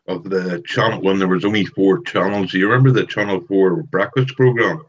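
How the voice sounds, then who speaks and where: A man's voice: deep voice, fairly quick, muffled recording. A man from Ireland in a casual podcast chat, blunt and grumbling, swearing freely.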